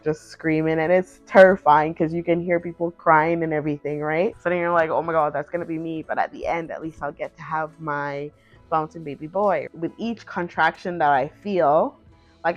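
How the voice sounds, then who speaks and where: Woman vlogging, chatty story full of "like"s, lowish voice, dry dull lo-fi sound, faint music behind. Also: no room sound. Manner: chatty, filler-heavy, acts out quoted lines. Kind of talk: casual personal storytelling.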